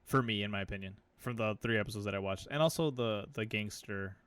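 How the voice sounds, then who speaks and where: A man co-hosting a podcast in casual chat. His voice sits low and he talks quickly, but hesitantly, starting phrases over. The sound is dry and close. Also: a bit bright, smooth, no room sound. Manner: hesitant, full of fillers and restarts. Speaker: podcast co-host.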